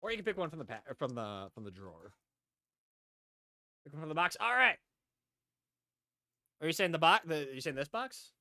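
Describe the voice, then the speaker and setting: A man's voice: fairly high pitch, big pitch swings, normal speed, pauses often, pushed and bright, dry recording, studio quality. A man streaming live, chatting casually and rambling as he talks to viewers, repeating himself often. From upstate New York.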